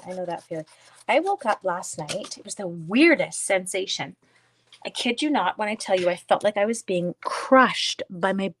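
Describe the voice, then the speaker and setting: Chatty woman crafting on a livestream. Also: mid-range voice. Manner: chatty, self-teasing, talks to viewers while working. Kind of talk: casual crafting chat, reading viewer comments. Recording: faint background noise.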